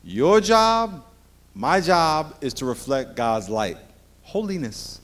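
A man's voice: a little high, very animated, slow pace, a bit bright. A middle-aged man preaching a sermon as pastor, a playful storyteller who jokes with the congregation.

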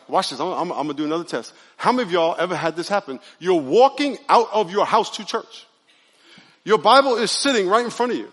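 A man preaching a sermon as pastor, conversational and animated, calling on his congregation to answer and raise their hands. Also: sits high, quick pace, long reverb tail. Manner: conversational, animated preaching with audience call-and-response. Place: church sanctuary.

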